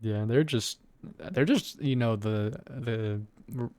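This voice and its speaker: A man's voice: medium pitch, slow pace, darkish tone, dry recording. A man playing a tabletop game over an online call, joking and rambling with restarts. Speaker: player. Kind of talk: casual game chat.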